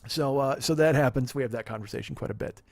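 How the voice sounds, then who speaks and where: A man's voice: medium pitch, quick pace, vocal fry, darkish tone, dry recording. A man in his forties hosting a podcast, ranting in a profane, self-deprecating, rambling way. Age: 40s. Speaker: podcast host. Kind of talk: casual comedic rant. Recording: dry close-mic studio sound.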